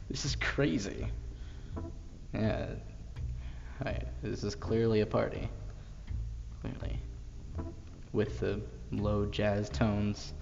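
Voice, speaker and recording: A man hosting a joking let's play, animated and now and then dropping into a whisper. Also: fairly low pitch, very slow, creaky, pauses often, in a large hall, highs cut off, music in the background. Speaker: gaming YouTuber.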